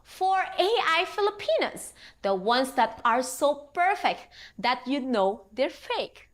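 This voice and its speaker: A woman's voice: high voice, big pitch swings, takes it slowly. A woman narrating a scripted video clip in a wry, jokey way.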